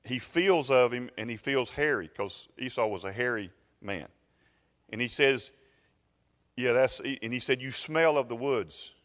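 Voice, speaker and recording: A pastor, telling a story and building to loud, fervent preaching in a sermon. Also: male voice, mid-range voice, measured pace, long reverb tail.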